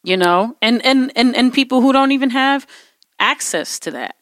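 A woman debating in a relaxed conversation, asking pointed questions to press her view. Her delivery is plain and dry. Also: on the high side, normal speed, dry recording. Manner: questioning, argumentative, repeats "like". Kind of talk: casual conversation.

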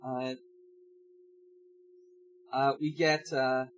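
A man co-hosting a podcast, talking casually and haltingly through a comic with many fillers and restarts. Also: medium pitch, level tone, a little hiss or hum, poor audio. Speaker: podcast co-host. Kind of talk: casual chat reading a comic.

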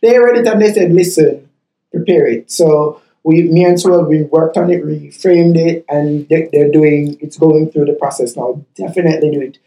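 Jamaican co-host, mid-range voice, emphatic, quick to laugh, echoey room. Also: mid-range voice, mellow. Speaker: podcast co-host. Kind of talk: casual podcast chat.

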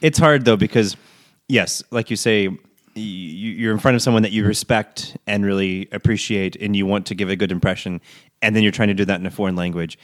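Low-voiced man explaining thoughtfully. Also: steady tone, brisk. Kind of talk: casual chat.

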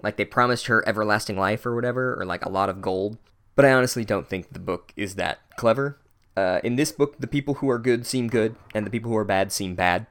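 A man's voice: on the low side, fairly quick, a bit bright. A man giving a sarcastic, profane comedic recap of a book.

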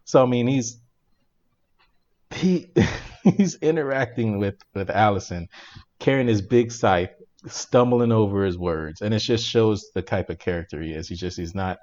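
A man's voice: lowish voice, unhurried, a little mellow, muffled recording. A man in casual chat, animatedly retelling a comedy film's plot, laughing often and restarting his sentences. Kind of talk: casual movie review chat.

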